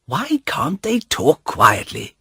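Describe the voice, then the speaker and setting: A quiet, fussy man of fifty mutters his thoughts slowly, as a narrator voices him. His voice is a little husky, with a lively lilt. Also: fairly high pitch, no room sound, clean studio sound, pitched above the performer's own voice, full character voice. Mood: musing. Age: 50s.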